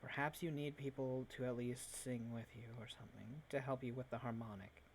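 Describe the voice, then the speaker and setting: A man's voice: medium pitch, fairly even intonation, a little fast, slightly rough. A man playing a tabletop game, reasoning earnestly in character. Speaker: player.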